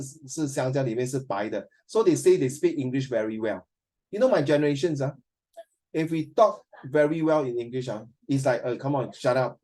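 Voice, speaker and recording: A man's voice: on the high side, dark tone. Chatty Singaporean man teaching a class. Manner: chatty, quizzes students, many fillers. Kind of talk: classroom lecture.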